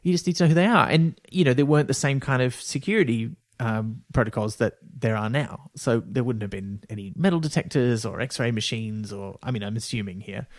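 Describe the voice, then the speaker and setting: A man's voice: mid-range voice, brisk, few pauses, dry recording, clean studio sound. A man co-hosting a podcast, chatting casually and rambling a bit with fillers. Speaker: podcast co-host, writer of a radio series.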